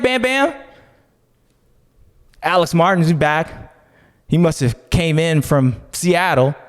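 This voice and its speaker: A man hosting a podcast, talking casually in an animated, slangy, joking way. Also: a little high, long reverb tail. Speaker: podcast host.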